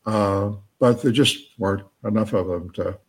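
A middle-aged man with a husky, slightly breathy voice answers an interviewer's questions. He talks in halting bursts, full of restarts and fillers, and keeps chuckling between his words. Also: on the low side. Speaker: author and guest.

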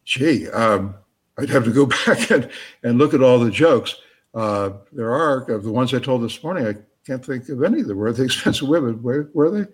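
Middle-aged guy, husky voice, lots of uh and um, chuckles as he answers interview questions. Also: medium pitch, animated. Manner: halting, chuckling, many fillers and restarts. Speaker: author and guest.

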